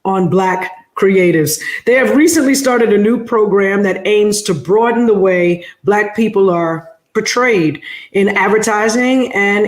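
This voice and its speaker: A woman's voice: mid-range voice, echoey room. Easygoing woman podcast host. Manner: easygoing, laughs and nods along. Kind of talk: conversational interview hosting.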